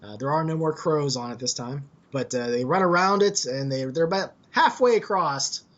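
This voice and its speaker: A man's voice: on the high side, normal speed, a bit bright, muffled recording. A man narrating as game master in a tabletop game, loose and chatty with fillers.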